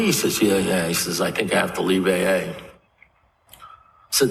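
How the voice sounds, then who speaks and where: Deep-voiced man in an echoey hall. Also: steady tone, normal speed, creaky, pauses often, recorded from a distance. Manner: earnest storytelling, acts out dialogue. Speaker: recovery meeting speaker. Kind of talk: personal recovery talk. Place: meeting hall. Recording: echoey hall, faint noise.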